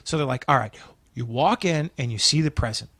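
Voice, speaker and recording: A man's voice: medium pitch, a little fast, a bit bright, no echo. A man telling a long comic story as a podcast guest, swearing often, acting out the other people's lines and laughing through them. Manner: acts out characters, swears, laughs a lot. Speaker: comedian guest. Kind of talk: animated storytelling.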